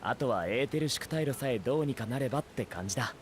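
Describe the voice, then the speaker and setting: A man plays a matter-of-fact ally in a fantasy game who talks very fast in a middle-pitched voice. Faint noise sits under his voice. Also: expressive, natural voice. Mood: calm.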